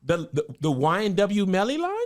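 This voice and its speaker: A woman's voice: medium pitch, big pitch swings, moderate pace. A woman co-hosting a podcast, chatting casually and reacting with exclamations, often trailing off and restarting her sentences. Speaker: podcast co-host. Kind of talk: casual chat reacting to a song.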